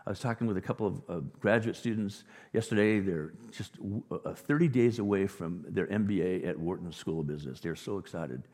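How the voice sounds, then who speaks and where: Male pastor, sermon; low husky voice, big swings from hush to loud emphasis, reverberant hall. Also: fairly quick, few pauses. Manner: dynamic preaching, drops to a near whisper and rises to loud emphasis. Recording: long reverb of a large hall.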